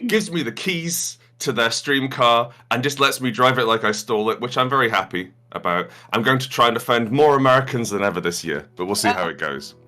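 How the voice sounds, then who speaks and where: A man's voice: mid-range voice, fairly quick, hardly any pauses, pushed and bright. A man acting as game master, introducing players on a video call with playful, self-mocking banter. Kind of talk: joking stream introduction.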